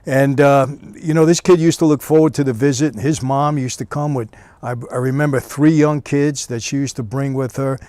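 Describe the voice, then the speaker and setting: A man recounts a personal story in a relaxed, conversational manner, sprinkling in "you know" as he goes. His voice sits in an ordinary middle pitch. The recording is dry and close, with no room sound. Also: moderate pace, no room sound. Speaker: storyteller recounting prison years. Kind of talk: casual spoken storytelling.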